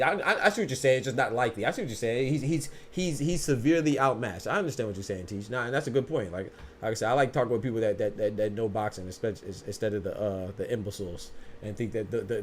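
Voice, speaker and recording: A man's voice: medium pitch, darkish tone, slight background noise. A man hosting a boxing podcast livestream, talking casually and answering viewer chat in slangy speech. He often repeats words while he thinks.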